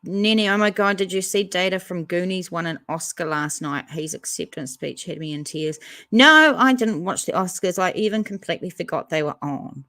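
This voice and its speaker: A woman with a slightly low voice hosts a relaxed livestream, reading viewer comments aloud and answering each one in easy, casual chat as if among friends. She speaks at a moderate pace with no room sound.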